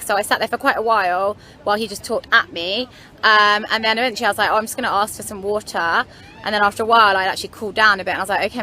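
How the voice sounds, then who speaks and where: Speaking at medium pitch with a sharp tone, a young London vlogger tells a story to the camera. She rambles in a chatty way, leaning on "anyway" and "like," and throws in frank, wry asides.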